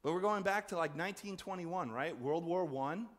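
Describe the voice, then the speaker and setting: Animated pastor in an echoing church. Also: male voice, normal speed. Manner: conversational, acts out quoted voices with big swings in pitch and loudness. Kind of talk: sermon. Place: church sanctuary. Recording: long church reverb.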